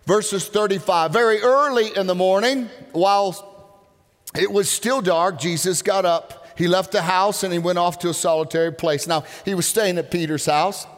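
A man preaching a sermon to a congregation, telling stories with lively acted-out voices. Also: sits high, normal speed, faint music behind. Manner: animated storytelling, acts out voices. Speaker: pastor. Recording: long reverb of a large hall.

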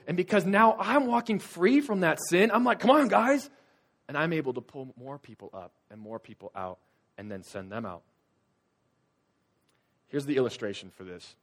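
A young man delivering a sermon with a voice of ordinary, mid-range pitch for a man. He preaches like he is telling stories to friends, casual and loose. His delivery swings from loud, urgent bursts down to hushed, low confiding. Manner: conversational storytelling with casual fillers.

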